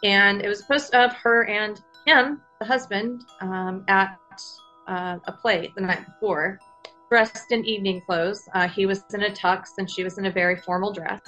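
A woman recounting a painful personal story as a guest, halting with many fillers and restarts. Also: mid-range voice, fairly even intonation, pushed and bright, soft background music, rough recording.

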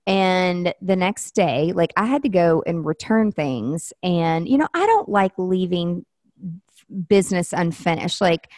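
A woman's voice: fairly low pitch, expressive, measured pace, darkish tone, dry recording, clean studio sound. A woman from Nashville, a wedding planner, telling a story in casual chat with many fillers and restarts. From Nashville, USA.

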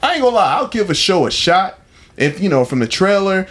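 A man's voice: high-pitched, fairly quick. A man co-hosting a podcast in casual chat, telling stories with enthusiasm and acting out quotes. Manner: animated, enthusiastic storytelling with acted-out quotes. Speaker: podcast co-host.

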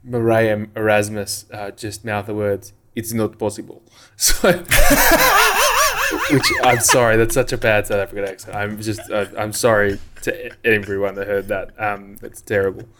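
Rambling Australian man, low voice. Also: level tone, moderate pace, hardly any pauses, fairly bright tone. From Western Australia. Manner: rambling, frequent "you know" and "um". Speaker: podcast co-host. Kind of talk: casual chat.

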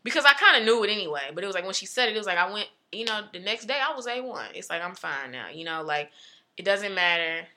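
A young adult woman talking in casual chat, telling a personal story with emphatic, animated delivery. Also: medium pitch, fast talker.

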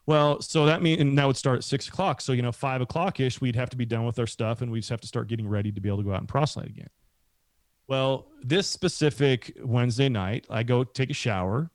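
A man's voice: medium pitch, fast, no room sound. A middle-aged man telling a long story in a casual, rambling way, acting out what other people said. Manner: rambling, animated, acts out quoted voices.

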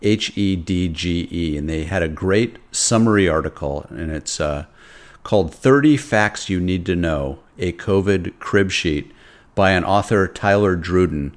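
A man's voice: sits low, a little slow. A man hosting a talk show, chatting loosely and stopping often on fillers. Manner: loose, conversational, with frequent fillers. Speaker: host. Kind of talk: casual talk-show chat.

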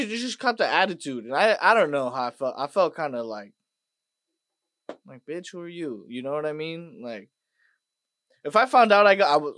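A man hosting a podcast, ranting casually and profanely, dropping to mutters and then bursting out loud. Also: on the high side, dry recording, studio quality. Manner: profane, swings between mutters and loud outbursts. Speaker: podcast host. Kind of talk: casual rant monologue.

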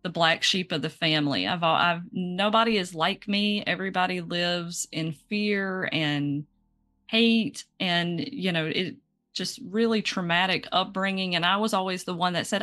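A woman's voice: lowish voice, moderate pace, bright, forceful tone. A woman hosting a podcast, talking earnestly and openly about her own experiences and asking her guest questions. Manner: earnest, open and personal. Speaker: podcast host. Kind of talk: casual podcast conversation.

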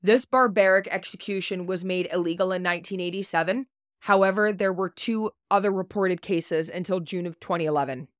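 A woman's voice: on the low side, brisk, dry recording, clean studio sound. A woman hosting a podcast, reading a prepared story segment in a blunt way, swearing casually and stumbling over unfamiliar names. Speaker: podcast host.

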